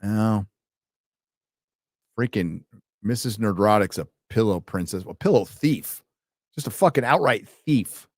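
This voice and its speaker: A man's voice: on the low side, expressive, a little slow, long pauses, no echo, clean studio sound. A man hosting a casual late-night livestream, reading out viewer donations and rambling with wry, profane asides.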